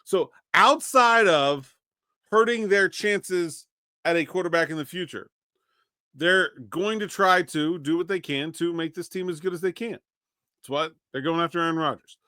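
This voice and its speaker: A man's voice: a little high, normal speed, pushed and bright, clear, resonant tone, no room sound, clean studio sound. A man hosting a daily solo sports podcast, talking conversationally and thinking aloud with frequent restarts. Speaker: podcast host.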